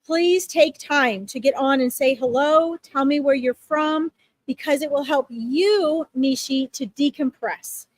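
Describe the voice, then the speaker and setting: A woman's voice: high-pitched, a little slow, dry recording. A woman hosting live psychic readings, talking casually and reassuringly to her viewers, with frequent okays and ums. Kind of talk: casual livestream talk to viewers.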